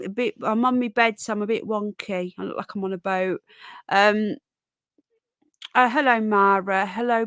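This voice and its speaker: A woman's voice: fairly high pitch, no room sound. A woman hosting a live podcast from her bed, chatting casually and greeting viewers by name. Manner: chatty, rambling, warm greetings to chat. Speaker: livestream podcast host. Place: bedroom, sitting on her bed. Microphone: own microphone on camera setup.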